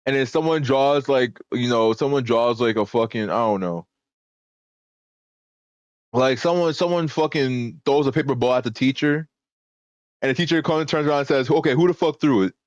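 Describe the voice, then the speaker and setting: A man's voice: mid-range voice, moderate pace, pauses often, smooth, no echo, dull audio. A man streaming a casual reaction to a news clip, swearing freely, laughing often and talking in slang. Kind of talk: casual profane reaction commentary.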